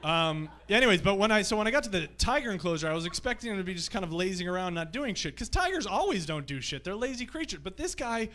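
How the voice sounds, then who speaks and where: A man working through a stand-up set at a comedy club, his voice bright and a touch higher than most men's. He rambles loosely through his stories and swears freely. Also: very animated, quick pace, few pauses. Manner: loose, profane, rambling storytelling.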